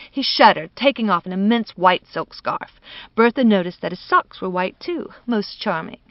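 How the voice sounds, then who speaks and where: Lady reading a literary story aloud, expressive and measured, dull dry recording. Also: medium pitch, dry recording. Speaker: audiobook narrator. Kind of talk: literary audiobook narration.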